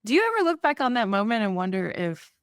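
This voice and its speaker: A woman hosting a podcast, reacting warmly and asking her guest questions. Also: medium pitch, sing-song, fast talker, clean tone, no echo, clean studio sound. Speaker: podcast host. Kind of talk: casual interview.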